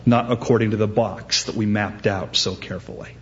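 A man preaching a sermon as pastor, animated and acting out the voices he quotes. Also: on the low side, fairly quick, highs cut off, a little hiss or hum.

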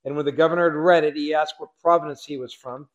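A male pastor reading scripture and explaining it in a sermon, with a relaxed, conversational delivery, wry asides and frequent fillers. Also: on the high side, fast talker, muffled recording.

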